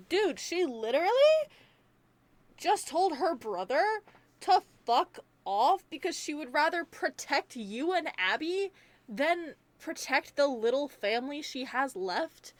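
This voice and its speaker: A young woman giving a casual movie review, animated and rambling, swearing freely as she rants. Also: sits high, unhurried, no room sound. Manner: rambling, many fillers.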